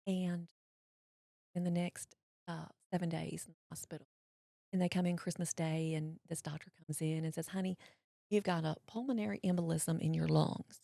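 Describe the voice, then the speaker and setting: A woman, telling a personal story as an interview guest, folksy and animated, acting out what others said. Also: lowish voice, moderate pace, gravelly, no echo, studio quality. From Mississippi, US.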